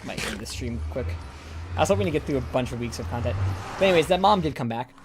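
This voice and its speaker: A man's voice: medium pitch, animated, fast talker, background noise. A young man from the United States chatting casually while streaming a game, rambling and swearing freely. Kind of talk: casual live-stream chat while gaming. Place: indoors, room by a hallway.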